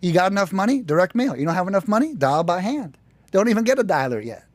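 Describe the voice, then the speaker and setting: An American man telling his work story in a casual podcast chat, animated and profane, often acting out quoted voices. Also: sits high, rapid-fire, dry recording. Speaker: podcast guest, lead generation business owner.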